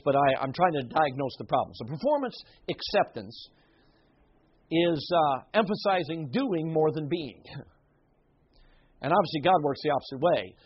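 A man's voice: fairly high pitch, husky, dull audio. A man preaching a sermon in an earnest, emphatic way, with asides and short laughs.

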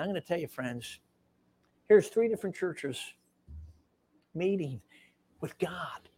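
A high-voiced male preacher tells a story as part of a sermon. His animated delivery is full of fillers, and he drops to a hush for emphasis.

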